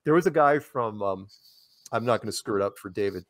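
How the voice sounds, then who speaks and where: A man telling stories as an interview guest, animated, laughing often and restarting his sentences. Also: lowish voice, a little fast, dry recording, studio quality. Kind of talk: casual storytelling conversation.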